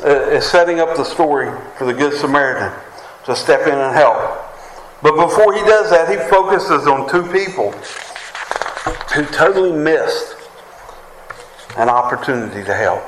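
This man has a slightly high voice with a faint hiss or hum behind it. Speaking as a pastor with a West Virginian accent, he preaches a sermon and keeps asking the congregation "Amen?" The room sounds echoey, with a faint ambience.

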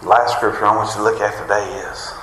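A man's voice: lowish voice, flat delivery, quick pace, a bit bright, a little hiss or hum. A man preaching a sermon, folksy and conversational, full of jokes and rhetorical questions. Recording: roomy hall reverb.

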